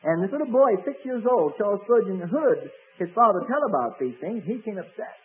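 High-voiced preacher on a tinny recording. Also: male voice, very animated, a little fast. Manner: storytelling preacher with many fillers and acted quotes. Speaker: pastor. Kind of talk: sermon.

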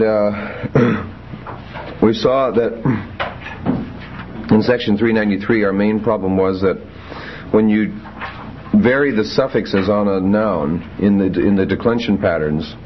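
Low-voiced man lecturing in a muffled classroom. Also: a little hiss or hum. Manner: methodical, halting with fillers. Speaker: Greek teacher.

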